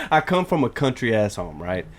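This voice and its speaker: A man with a Southern accent chats loosely on a podcast, circling back on himself and stumbling over his words. His voice sits at an ordinary middle pitch. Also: big pitch swings, measured pace, fairly bright tone. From southern Georgia, US. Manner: rambling, trips over words, restarts often. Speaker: podcast co-host. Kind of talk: casual chat.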